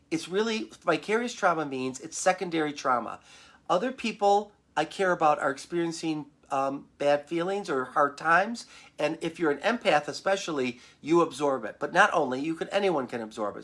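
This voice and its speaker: Chatty male therapist, gravelly edge. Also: moderate pace. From Michigan, United States. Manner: animated, acts out client voices in a higher pitch. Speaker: therapist and show host. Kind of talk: casual live-stream talk answering viewer questions. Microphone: webcam or computer mic at home.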